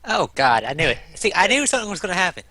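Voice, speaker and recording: Excitable, animated male player. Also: high-pitched, racing, no room sound. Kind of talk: tabletop game play.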